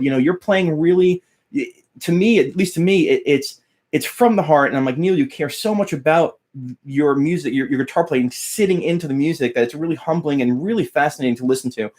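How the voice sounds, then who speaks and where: A young adult man with a slightly high voice tells a story to his viewers in a casual, eager way. He laughs often and acts out what others said. He sounds thrilled. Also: brisk. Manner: animated, laughing, quoting others with voice changes. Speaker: guitar teacher and YouTuber.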